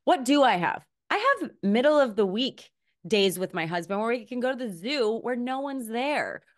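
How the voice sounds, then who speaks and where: A woman's voice: a little high, sing-song, normal speed. A woman hosting a podcast in a casual, chatty way, using lots of fillers and agreeing readily. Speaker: podcast host.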